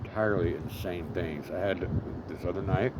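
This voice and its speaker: Male vlogger, lowish voice, rambling and profane storyteller, outdoor take with loud traffic noise. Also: normal speed. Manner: profane, rambling, full of fillers. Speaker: vlogger living homeless.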